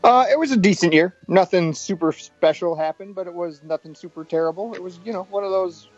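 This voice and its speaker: A man co-hosting a casual podcast chat, giving measured, thoughtful opinions. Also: high voice, faint music behind. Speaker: podcast co-host. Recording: dull, dry lo-fi sound.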